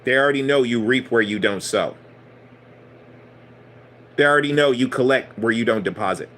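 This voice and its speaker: A male spiritual teacher preaching in a loose, conversational way, with an average-pitched voice. He swears freely and drives home each point by repeating it. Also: moderate pace, fairly bright tone. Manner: blunt, profane, emphatic preaching. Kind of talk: casual sermon.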